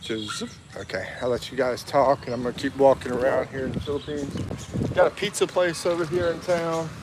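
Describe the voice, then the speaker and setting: A man's voice: medium pitch, fairly even intonation, fairly quick, noisy background. Chatty man vlogging live outdoors. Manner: chatty, reads viewer comments aloud, laughs often. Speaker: livestream vlogger. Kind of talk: casual live walking vlog. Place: outdoors in a town.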